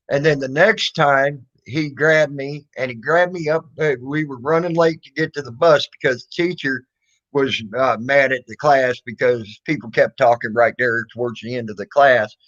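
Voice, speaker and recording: A man's voice: mid-range voice, a bit bright. A man casually telling a childhood story, rambling and swearing, full of fillers and restarts. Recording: dull lo-fi recording.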